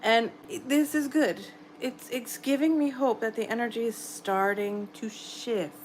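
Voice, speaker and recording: A woman's voice: fairly high pitch, fairly even intonation, a little slow, slight background noise, poor audio. A middle-aged woman with a New York accent, chatting casually and encouragingly with viewers on a late-night livestream. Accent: American, New York. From New York area, US. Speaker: livestream host. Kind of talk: casual live chat reading comments. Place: home at night, quiet room.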